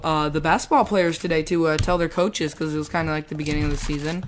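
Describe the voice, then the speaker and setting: A woman's voice: low voice, steady tone, moderate pace. A woman casually telling a rambling story while playing a game, swearing, laughing and acting out the people in it. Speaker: gamer telling a school story.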